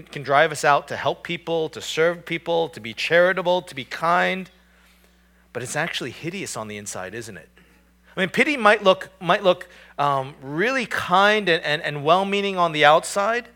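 A man's voice: medium pitch, bright, forceful tone. A man preaching a sermon in a conversational, emphatic way, often restarting his sentences. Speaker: pastor.

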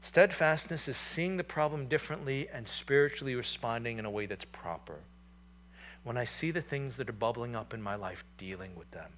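Bright-voiced man preaching conversationally. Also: mid-range voice, lively intonation, normal speed, a little hiss or hum. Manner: conversational preaching with fillers, rising intensity and quiet reflective drops. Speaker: pastor. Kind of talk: sermon.

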